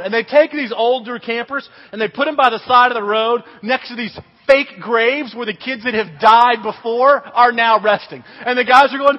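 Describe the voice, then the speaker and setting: A man's voice: extremely high pitch, normal speed. A man preaching a sermon, telling a childhood story with acted-out voices before teaching on faith. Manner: animated storyteller, acts out quotes. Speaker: pastor. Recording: dull reverberant hall recording.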